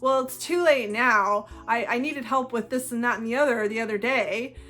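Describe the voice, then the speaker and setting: A woman's voice: a little high, normal speed, fairly bright tone, soft background music, lightly acted. Woman reading as a sulky accusing partner. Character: irritable accusing adult partner, picking a fight.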